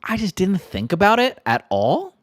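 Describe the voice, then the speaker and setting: A man's voice: sits high, wildly swooping pitch, normal speed, dry recording, studio quality. A man co-hosting a podcast in casual chat, thoughtful and rambling, with many fillers. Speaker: podcast co-host.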